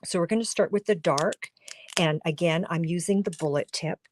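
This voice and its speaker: At a moderate pace and fairly low pitch, a crafting class host chats through a live-streamed card-making demo from her home studio, with slight background noise. She explains while coloring, often lets her voice fall to a murmur, and is losing her voice.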